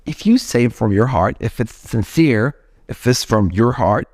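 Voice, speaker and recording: Man, young adult, Ethiopian accent, non-native English speaker, casual English teacher, chatty, rambling, mid-pitched. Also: animated, normal speed, a little mellow. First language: not English. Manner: chatty, rambling, asks viewers questions. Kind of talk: casual spoken lesson.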